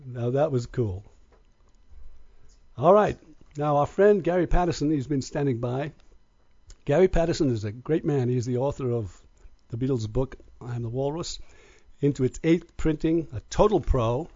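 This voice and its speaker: A man's voice: mid-range voice, moderate pace, no echo. A man hosting a radio show, chatting and joking with callers in an easygoing way. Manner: joking, relaxed banter. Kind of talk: casual radio chat. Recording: dull lo-fi radio audio.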